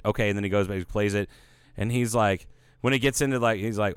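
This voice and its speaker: A man's voice: lowish voice, very fast, clear, resonant tone, no room sound. A man co-hosting a podcast, telling rambling, profane stories in casual chat. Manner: rambling, profane storytelling with animated quotes. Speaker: podcast co-host.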